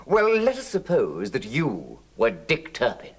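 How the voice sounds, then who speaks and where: An actor playing a self-satisfied army captain who talks in a bossy, pompous way. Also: male voice, medium pitch, wildly swooping pitch, a little slow, slightly rough, heavily acted. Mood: smug.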